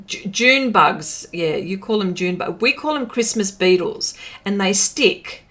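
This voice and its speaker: A middle-aged woman, an artist with an Australian accent, reads comments in casual livestream chat, often laughing and drifting off with fillers. Her medium-pitched voice is expressive and a bit bright, with a measured pace.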